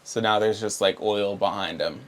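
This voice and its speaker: A man running a tabletop game as game master, narrating in an unhurried, laid-back way with fillers. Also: on the low side, steady tone.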